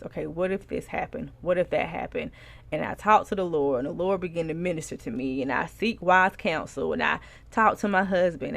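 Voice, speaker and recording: Animated woman hosting a faith podcast. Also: on the low side, vocal fry. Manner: conversational and preachy, addresses listeners as y'all, animated exclamations. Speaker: podcast host and Christian life coach. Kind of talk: casual faith-based podcast talk.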